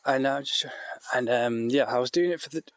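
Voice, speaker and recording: A man giving a casual walk-and-talk vlog outdoors in a farmyard, rambling and chatty with many restarts, and coaxing his animals in a higher voice. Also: brisk, no echo. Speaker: vlogger keeping poultry on a farm. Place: outdoors in a farmyard by a duck shed.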